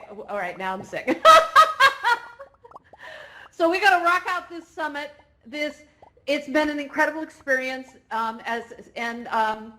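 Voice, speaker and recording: A woman's voice: high-pitched, pushed and bright. A woman hosting a live virtual reality event, chatty and emotional, close to tears. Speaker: event host.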